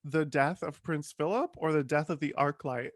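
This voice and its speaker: A man hosting a comedy interview podcast in a campy, teasing style. His voice sits a bit high and the sound is dry and close, with no room echo. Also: moderate pace. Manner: campy, playful, laughs often. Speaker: podcast host. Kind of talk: casual comedic interview chat.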